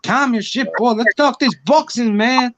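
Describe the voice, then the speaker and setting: A man in his twenties calling into a live stream, loud and swaggering, saying "bro" at every turn. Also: very high voice, moderate pace. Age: 20s. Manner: slangy, says "bro" constantly, loud and swaggering. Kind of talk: casual boisterous chat. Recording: dull lo-fi call audio.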